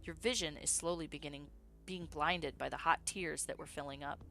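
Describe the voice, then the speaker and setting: A woman streamer reading a story game aloud, breaking off into excitable, swearing reactions. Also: low-pitched, moderate pace, gravelly, a little hiss or hum.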